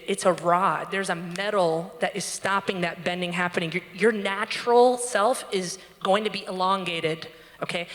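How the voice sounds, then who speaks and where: A woman voicing a calm, patient doula who gives slow, steady reassurance, recorded on a live stage. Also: lowish voice, pitched below the performer's own voice, close to an everyday voice. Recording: long hall reverb with faint noise.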